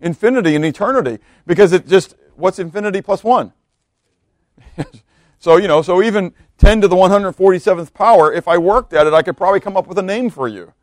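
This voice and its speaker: A male pastor's voice is high-pitched yet darkish in tone, and brisk as he preaches conversationally, reading scripture aloud and repeatedly asking his audience rhetorical questions. Dry, studio-quality recording.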